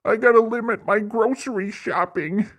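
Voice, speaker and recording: Parody bit: a man playing a shrill, whimpering, self-pitying crybaby fretting over costs. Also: normal speed, a bit bright, lo-fi sound. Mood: whining. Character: whiny panicking adult man complaining about prices.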